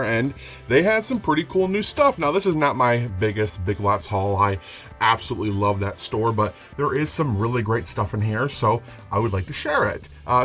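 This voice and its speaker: A young man talking casually in a home vlog, rambling and self-mocking, getting excitable as he shows off his finds. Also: mid-range voice. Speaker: DVD collector vlogger. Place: home room.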